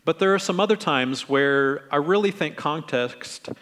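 Friendly, slightly high-voiced middle-aged preacher. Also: male voice, measured pace, big-room sound. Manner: relaxed, friendly, acts out quoted lines in different tones. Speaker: pastor. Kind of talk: conversational sermon.

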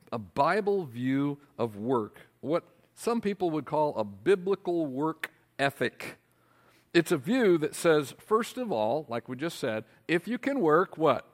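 Guy preaching a sermon, kinda high voice, really lively, keeps asking the crowd questions. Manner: animated, asks the congregation rhetorical questions. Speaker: pastor.

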